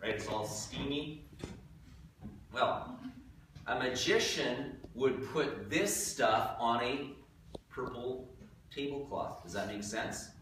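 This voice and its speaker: A male science teacher runs a classroom demonstration, joking and asking his students whether they follow. He is picked up from across the room by a distant camera. The sound has a strong classroom echo and a clearly audible noisy background. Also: medium pitch, takes it slowly, pauses often, fairly bright tone. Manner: jokey, checks in with students. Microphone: far camera. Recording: echoey classroom from far off, noisy.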